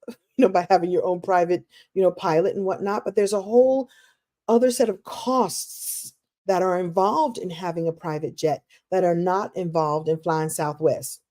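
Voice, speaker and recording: Mellow-voiced animated woman motivational host. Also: fairly low pitch. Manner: animated, playful, breaks into exclamations and acted quotes; conversational, with restarts and laughs. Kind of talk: live-streamed motivational talk.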